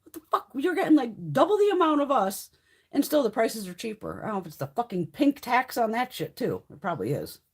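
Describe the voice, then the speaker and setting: A woman's voice: a little high, big pitch swings, brisk, slightly rough. A middle-aged woman hosting a beauty livestream, telling stories in a blunt, profane, casual way. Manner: profane, blunt storytelling with frequent swearing and laughs.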